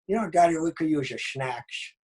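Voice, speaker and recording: A man's voice: a little high, animated, moderate pace, a little mellow, husky. A man doing a whiny pet bulldog girl. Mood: pleading. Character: dim chatty female pet bulldog.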